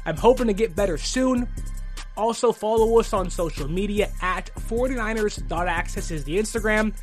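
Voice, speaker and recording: A man's voice: sits high, moderate pace, soft background music. A man hosting a solo sports podcast with a sick voice, talking with confidence and repeating his points for emphasis.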